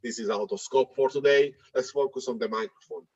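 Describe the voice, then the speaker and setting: Husky man giving a hesitant tech demo. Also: medium pitch, steady tone, brisk, dry recording, dull audio. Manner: hesitant, many fillers and restarts. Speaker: presenter demonstrating software. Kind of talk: live tech demo talk.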